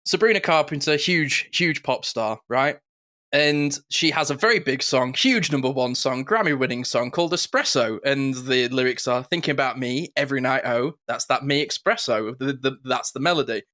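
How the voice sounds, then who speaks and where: A man co-hosting a podcast in casual chat, animated and quick to mimic catchphrases. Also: medium pitch. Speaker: podcast co-host.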